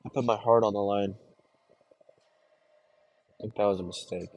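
A young man hosting a podcast, talking to himself in a distressed, halting, brooding confessional monologue. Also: lowish voice, fairly even intonation, a little mellow. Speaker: podcast host.

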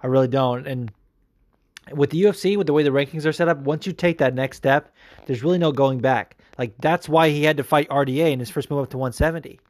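Profane excitable man hosting calls. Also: on the high side, a little fast, dry recording, clean studio sound. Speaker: podcast host answering listener calls. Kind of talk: casual chat.

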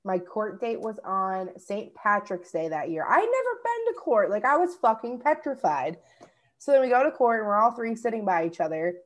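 A woman's voice: medium pitch, expressive, moderate pace. A young woman from Minnesota, co-hosting a podcast, telling a story in casual chat and swearing freely. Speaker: podcast co-host.

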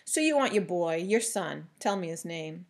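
A woman's voice: fairly low pitch, animated, normal speed. Villain voice: a sinister, sneering male trader, voiced by a female reader, hissing and drawn out. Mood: contemptuous. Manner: oozing, hissing, contemptuous.

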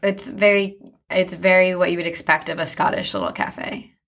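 A young woman co-hosting a podcast, listening and reacting with gasps and quick exclamations. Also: lowish voice, fairly even intonation, vocal fry, a bit bright. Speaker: podcast co-host. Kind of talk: casual chat.

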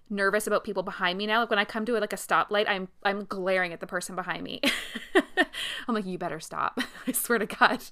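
A woman co-hosting a podcast in casual chat, chatty and quick to agree and laugh. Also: mid-range voice, a bit bright, clean tone. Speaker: podcast co-host.

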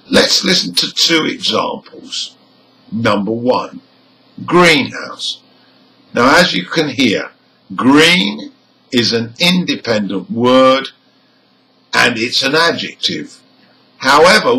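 Slow, bright-voiced male pronunciation teacher. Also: medium pitch, poor audio. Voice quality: careful, over-enunciated delivery of example words. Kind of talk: slow, deliberate lesson explanation.

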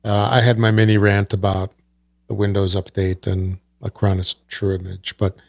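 Gravelly low-voiced man, dry podcast co-host. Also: little pitch movement, normal speed, darkish tone, dry recording. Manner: dry, sarcastic humor. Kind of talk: casual chat.

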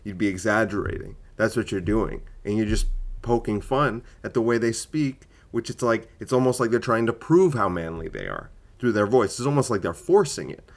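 A man's voice: lowish voice, animated, normal speed. A man, a comedian, arguing his point in a solo podcast monologue, full of rhetorical questions and fillers.

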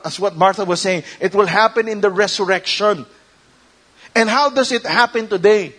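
A pastor with a fairly high voice delivers a sermon, switching between English and Tagalog. He swings from low, slow reflection to loud, soaring proclamations when quoting scripture.

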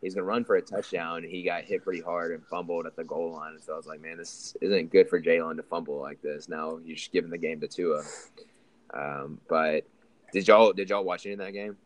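A man's voice: low voice, steady tone, a little fast, no echo. A young man hosting a casual sports chat, rambling with many restarts and fillers. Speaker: podcast host.

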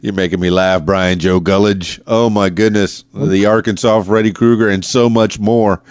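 A man's voice: fairly low pitch, steady tone, normal speed, darkish tone, clear, resonant tone, dry recording, clean studio sound. A man hosting a podcast interview, laughing along and playfully scolding his guest. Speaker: podcast host. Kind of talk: casual interview chat.

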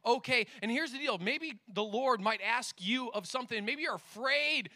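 A middle-aged man preaching a sermon outdoors downtown, acting out conversations in an animated storytelling manner. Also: very high-pitched, moderate pace, no room sound. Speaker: pastor. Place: outdoors downtown with passing motorcycles.

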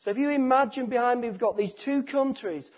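A man preaching a sermon, emphatic and repetitive, letting his phrases fall quiet at the ends. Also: extremely high pitch, a little fast. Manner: emphatic, repeats phrases, drops to quiet endings.

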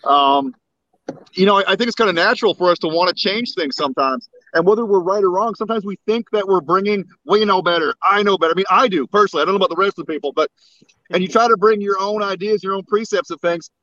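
A man's voice: high-pitched, a bit bright, no echo. A man from West Texas with a slight Southern drawl, calling in as a guest from a boat and chatting in an easygoing, joking way. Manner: easygoing, joking, drawn-out talk. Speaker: call-in guest. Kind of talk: casual chat. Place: outdoors on a boat. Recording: dull, dry lo-fi line.

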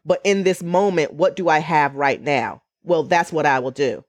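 A woman's voice: sits low, moderate pace, no room sound. Earnest middle-aged woman, dry close sound. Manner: earnest, emotional, repeats phrases for emphasis. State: near tears. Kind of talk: reflective podcast conversation.

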